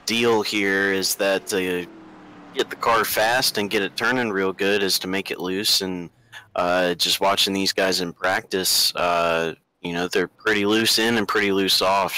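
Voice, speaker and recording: Low-voiced, crisp-sounding race analyst. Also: male voice, bright, forceful tone, no room sound, rough recording. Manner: rambling, hesitant, many fillers. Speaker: racing analyst. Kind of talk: race commentary.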